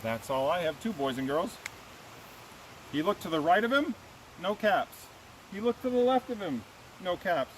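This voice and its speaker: High-voiced man reading to children. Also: moderate pace, pauses often, slight background noise, rough recording. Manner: animated, asks children questions. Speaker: teacher reading aloud. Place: outdoors.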